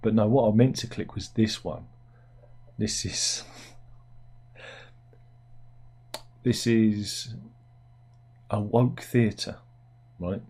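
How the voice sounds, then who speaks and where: A man's voice: lowish voice, fairly even intonation, drawn-out words, pauses often, a little mellow, slightly rough. A British man hosting a satirical news commentary, rambling along with jokey asides as he reads out headlines. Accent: British English. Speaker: host.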